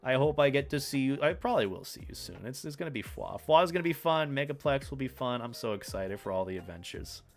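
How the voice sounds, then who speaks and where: A man's voice: mid-range voice, expressive, fast talker, few pauses, soft background music. A man chatting casually on a live stream, rambling playfully and talking to his chat, with his words tumbling over each other. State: hiccups.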